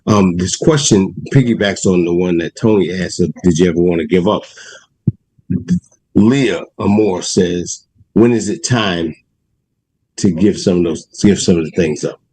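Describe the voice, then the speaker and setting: A man hosting an interview who reads out audience questions in a relaxed, rambling way. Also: deep voice, normal speed, husky, rough recording. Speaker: interview host.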